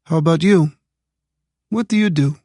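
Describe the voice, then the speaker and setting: A man voicing a young Eastern European woman who is guarded but curious, asking careful questions in a raised, soft voice. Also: on the high side, moderate pace, no room sound, clean studio sound, voice pushed up, natural voice.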